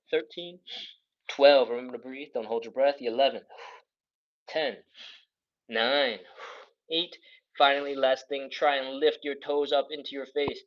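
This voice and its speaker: A man coaching a live follow-along stretching workout, counting down and cueing breaths in a fast, jokey way. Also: mid-range voice, muffled recording. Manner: energetic cueing and counting aloud. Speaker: stretching instructor.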